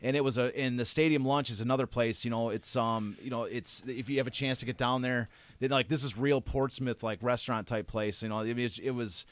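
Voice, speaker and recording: Fast-talking, rambling male podcast co-host. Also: mid-range voice. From Detroit area. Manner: rambling storyteller with many restarts and fillers; animated, laughing while retelling anecdotes. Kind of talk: casual chat.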